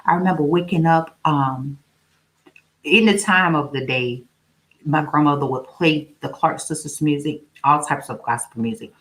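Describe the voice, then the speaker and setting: On a roughly recorded casual livestream, a young woman with a low, slightly bright voice speaks at normal speed. As host, she welcomes viewers by name and shares testimony about her faith.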